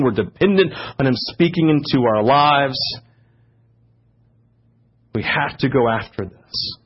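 A man preaching a sermon as pastor, growing louder and higher when he gets fired up. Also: slightly rough. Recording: dull lo-fi church audio.

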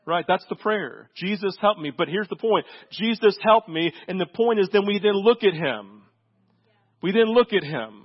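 With a slightly high voice, a man preaches as pastor in a chatty style, regularly tossing in "right?" to check with his listeners. The recording has its high frequencies cut off.

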